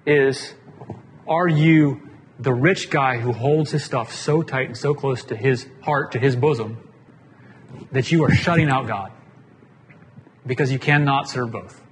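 A man preaching a casual sermon as pastor, plain-spoken and conversational, often putting questions to the congregation. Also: mid-range voice. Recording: long hall reverb, faint room noise.

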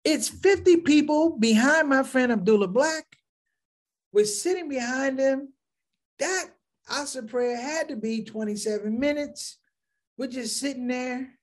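A male stand-up comedian telling a story to his audience, calling them brothers and sisters and swinging from low asides to shouted punchlines. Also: measured pace.

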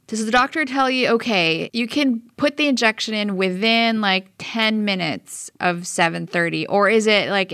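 A woman's voice: mid-range voice, vocal fry, bright, forceful tone, dry recording, clean studio sound. A woman interviewer who recaps what she has heard and then asks probing follow-up questions. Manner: probing, recaps before asking.

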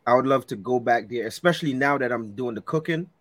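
A man from Jamaica, a cohost in casual podcast chat, telling lively stories and laughing often. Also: medium pitch, fast talker, no echo. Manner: animated storyteller, laughs often.

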